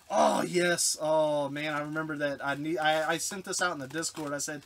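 A man's voice: a little high, fairly even intonation, normal speed, hardly any pauses. A man unboxing retro games for his vlog, overwhelmed and choked up, often trailing off mid-sentence. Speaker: retro game collector vlogger. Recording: background hiss with clicks.

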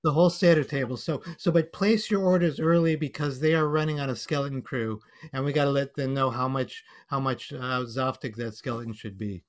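A man's voice: medium pitch, steady tone, a little fast, few pauses. A man emceeing an online panel, telling a joke and signing off with playful wordplay over a video call. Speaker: emcee and storyteller. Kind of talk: casual online panel hosting.

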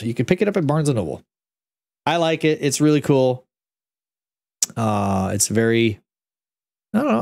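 A man's voice: fairly high pitch, no echo. A young man streaming, chatting casually and reading a kids' book aloud, rambling with restarts, close to the mic.

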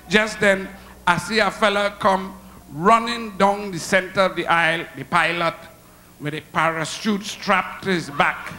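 Bright-voiced Trinidadian comedian. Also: male voice, sits high, unhurried. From Trinidad and Tobago. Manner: animated, laughs at his own jokes. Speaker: stand-up comedian. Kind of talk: stand-up comedy storytelling. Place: comedy show stage.

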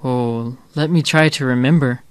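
A man's voice: mid-range voice, normal speed, clean tone, dry recording, natural voice. A man playing a father who patiently answers his child's homework questions in a scripted textbook dialogue. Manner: calm, patient explaining. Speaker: textbook audio actor.

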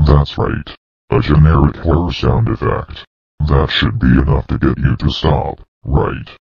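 A male text-to-speech voice playing a furious purple dinosaur scolding the user, with a flat robotic delivery. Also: a little slow, muffled recording, heavily acted. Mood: menacing. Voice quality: very deep, gravelly synthetic voice.

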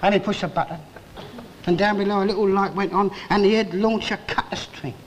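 A man's voice: high voice, steady tone, a little fast, slight background noise, lightly acted, low-quality recording. An actor playing a small, hapless working-class man who tells a grand, rambling story with comic mock-grandeur in a 1960s television sitcom. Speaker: sitcom lead. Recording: old TV recording, loud studio audience laughter. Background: roaring studio audience laughter.

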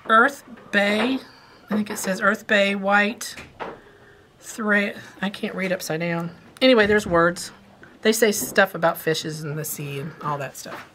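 A chatty woman hosts a quilt shop video, rambling along with playful asides about fabrics and kits. Her voice sits at an everyday middle pitch, with a faint hiss of noise behind it. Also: unhurried, bright, forceful tone. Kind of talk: casual product chat.

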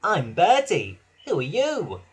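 A man's voice: high-pitched, wildly swooping pitch, slow pace, slightly rough, full character voice. Bertie, a man doing a cocky bus. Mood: friendly. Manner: cocky and teasing. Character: cheeky, cocky male bus.

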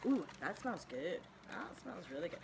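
A woman's voice: on the low side, very animated, moderate pace. A woman from Canada hosting a casual beauty unboxing vlog at home, chatty and enthusiastic. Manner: chatty, enthusiastic, talks baby-talk to her dogs. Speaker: beauty channel host. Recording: home video with clear background noise.

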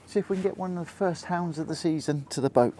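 A man's voice: on the high side, fast, dark tone, a little hiss or hum. A man with a Hampshire accent giving easygoing running commentary while fishing from a small boat, chatting to the fish and the viewer. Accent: Hampshire English. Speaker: angler vlogger.

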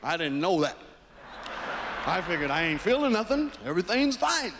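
A man in his thirties with a very high voice tells a stand-up story, profane and animated, slipping into other characters. The sound carries a long echo from a large live hall. A steady noise sits underneath. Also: moderate pace. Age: 30s. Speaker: stand-up comedian.

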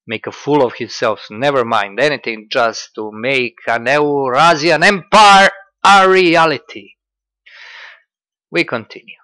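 A man giving casual political commentary in a halting, sardonic way, full of fillers. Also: mid-range voice, pushed and bright, dry recording.

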